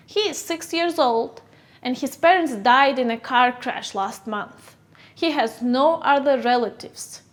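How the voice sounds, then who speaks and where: A woman teaching an English vocabulary lesson, asking questions and answering them herself, drilling words slowly and clearly. Her first language is Kyrgyz. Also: high voice.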